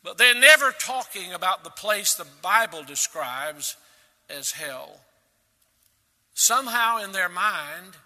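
A man delivers a sermon with a very bright, piercing tone that sits high for a man. He preaches emphatically, leaping to loud peaks and then falling back soft. His voice rings with the long reverb of a big hall. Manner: emphatic preaching with sudden loud rises and quiet drops. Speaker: pastor.

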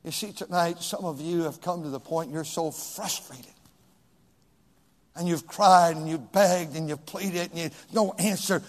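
A male pastor preaching a sermon in a church, swinging from shouts to hushed whispers. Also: on the high side, measured pace, long pauses, long reverb tail.

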